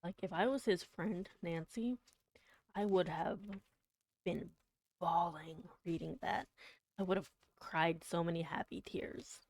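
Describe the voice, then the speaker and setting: Soft-spoken, emotional woman streamer. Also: on the low side, fairly even intonation, no echo. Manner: soft-spoken and emotional, often dropping into a whisper; halting, with many restarts and fillers. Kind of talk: casual chat on a live poetry reading stream.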